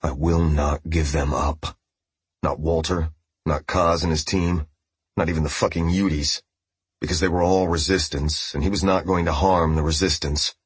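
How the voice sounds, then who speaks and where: A man voicing a frightened male prisoner who speaks quietly with a subdued, trembling resolve. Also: rumbling low, steady tone, normal speed, breathy edge, no room sound. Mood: defiant. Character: broken male prisoner, defiant but frightened.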